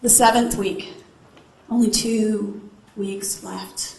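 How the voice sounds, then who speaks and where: A woman's voice: medium pitch, fairly even intonation, slow, creaky, darkish tone, slight background noise. A woman giving a motivational keynote, telling her story theatrically and tossing playful asides to the audience. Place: large hall with audience. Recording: echoey hall, faint ambience.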